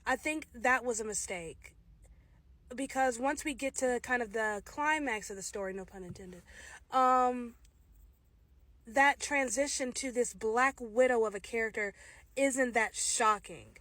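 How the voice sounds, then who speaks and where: A woman's voice: on the high side, measured pace, fairly bright tone, no room sound. A woman giving a casual, candid spoken review of a film, opinionated and direct, with frequent restarts.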